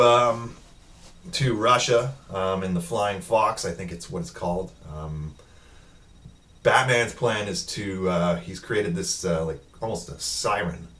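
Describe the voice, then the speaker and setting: A man's voice: deep voice, a bit bright, distant mic. A man giving a casual, rambling film review recap, with lots of ums and uhs, quoting the characters in his own voice.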